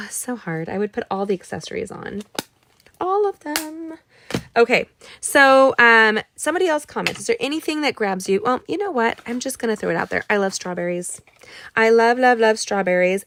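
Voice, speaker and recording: A woman's voice: medium pitch, fairly bright tone. A middle-aged woman hosts a live card-making class in a bubbly, rambling way. She chats to viewers, gasps and exclaims over her supplies, and talks through each step. Under the chatter she sounds a little tired. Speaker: card-making livestream host. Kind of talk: chatty live crafting tutorial.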